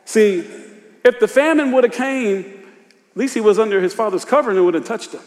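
A man preaching a sermon in loose, casual speech, dropping to a hush and rising to shouts. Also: sits high, lively intonation, a little fast. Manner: swings from hushed confession to shouted exhortation; informal Southern-tinged preacher speech, "y'all" and "ain't". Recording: long hall reverb.

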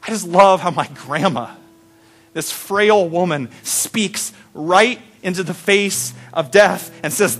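A young male preacher telling a personal story from the pulpit. His voice sits a bit high for a man, and his delivery is conversational and heartfelt. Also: slow pace, fairly bright tone, faint music behind. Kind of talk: sermon.

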